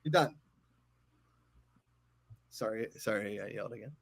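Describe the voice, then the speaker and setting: A man hosting a casual sports chat, ranting in an animated way and then apologizing for yelling. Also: fairly low pitch, unhurried, vocal fry, no room sound, studio quality. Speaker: podcast host.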